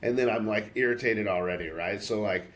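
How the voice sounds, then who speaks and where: A man's voice: fairly low pitch, a little fast, fairly bright tone. An American man hosting a podcast, telling a travel story in casual chat and swearing freely. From United States. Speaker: podcast host.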